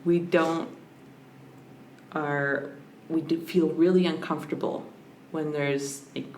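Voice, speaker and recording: Low, gravelly-voiced woman, thoughtful. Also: fairly even intonation, takes it slowly, a little mellow. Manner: thoughtful, searching, with frequent restarts. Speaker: podcast guest, language scholar. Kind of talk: reflective conversational interview. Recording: roomy with faint background hiss.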